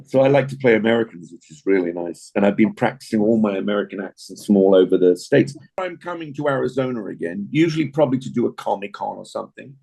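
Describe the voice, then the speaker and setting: A man's voice: on the low side, expressive, a little fast, creaky, warm tone, husky, poor audio. An older man with an English accent, teaching an acting class in a chatty, encouraging way and praising his students often.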